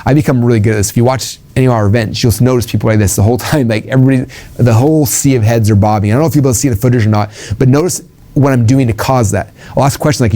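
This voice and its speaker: A man's voice: mid-range voice, rapid-fire, dark tone. A man giving an informal sales training talk, rambling with ums and restarts and acting out quoted conversations.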